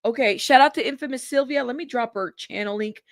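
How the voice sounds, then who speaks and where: A woman's voice: a little high, a little fast, no echo, clean studio sound. A woman hosting a casual live stream, chatting, reacting to viewers and laughing. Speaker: host of live trial coverage stream.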